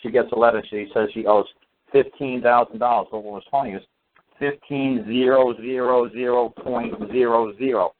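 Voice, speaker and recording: A man's voice: mid-range voice, steady tone, moderate pace, a little hiss or hum. A man telling a long story in a casual, rambling way, full of fillers and restarts. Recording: tinny phone line.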